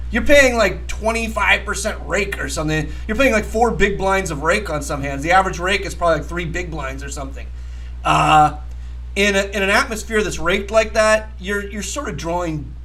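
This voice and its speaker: Male poker host, high sharp voice, casual, profane, rambling. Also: moderate pace, poor audio. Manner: profane, rambling, laughs often; emphatic, argumentative. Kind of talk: casual chat.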